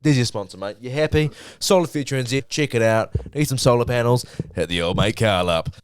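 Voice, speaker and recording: A man's voice: medium pitch, a little fast, smooth, no echo. A young man in his twenties with a New Zealand accent, co-hosting a casual podcast with jokey, rambling banter. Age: 20s. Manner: jokey, mock-ad rambling, drops to a mumble. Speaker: podcast co-host.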